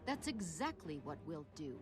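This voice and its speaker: A woman's voice: low voice, very animated, normal speed, soft background music. An actress playing a brave female deputy of a city guard in a game, speaking in a commanding, resolute way.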